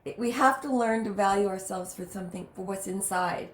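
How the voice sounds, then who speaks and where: Animated woman host, echoey room. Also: mid-range voice, a little fast. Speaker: podcast host. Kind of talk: casual chat.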